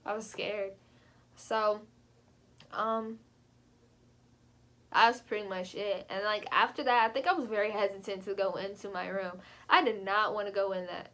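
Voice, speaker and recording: A young adult woman telling a personal story in a casual vlog, animated and chatty, leaping up in pitch when she quotes herself. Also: normal speed, long pauses. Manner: animated, jumps high when quoting herself; chatty, frequent fillers. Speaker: vlogger.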